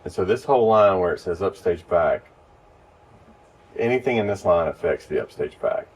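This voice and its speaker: A man giving relaxed, step-by-step training to church volunteers, recorded in a church. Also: deep voice, moderate pace. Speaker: lighting instructor. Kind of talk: casual hands-on training. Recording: distant mic with faint noise.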